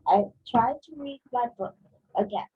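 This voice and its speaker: A woman's voice: a little high, normal speed, slightly rough, narrow, tinny audio. A woman reads a picture book aloud at a book club, expressively acting out the sound effects.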